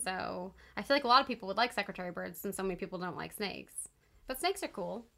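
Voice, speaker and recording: A woman from California co-hosting a casual podcast, chatty and quick to laugh, telling stories with animation. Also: mid-range voice, expressive, creaky, sharp tone. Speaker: co-host.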